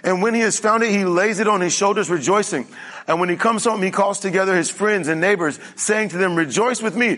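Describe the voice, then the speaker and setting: A man's voice: high voice, brisk, fairly bright tone. A male pastor preaching a conversational sermon, often checking in with the congregation. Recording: reverberant hall.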